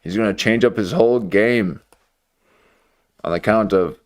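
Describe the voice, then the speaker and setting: A man's voice: on the low side, a little slow, a little mellow. A man hosting a live watch-party stream, joking and rambling through reaction commentary with lots of filler words. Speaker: livestream watch-party host.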